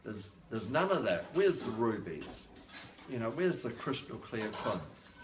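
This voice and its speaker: A man's voice: medium pitch, very animated, unhurried, noisy background. Older man preaching in an echoey room. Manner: repetitive and emphatic, with joking asides. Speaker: lecturer. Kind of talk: devotional sermon at a home program. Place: home.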